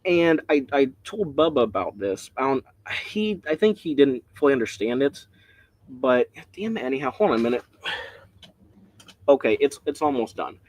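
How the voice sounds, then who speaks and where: A man leading a casual Bible study, rambling and excitable, often breaking off mid-sentence, speaking from home. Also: medium pitch, normal speed, no echo. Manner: rambling, excitable, self-interrupting.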